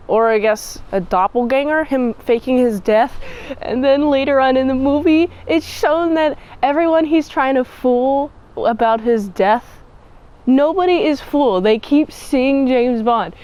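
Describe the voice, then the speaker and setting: A woman's voice: on the high side, darkish tone, clear, resonant tone, rough recording. A woman giving a chatty, playful movie review outdoors in cold wind, shivering as she talks. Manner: chatty, gushing, playful asides.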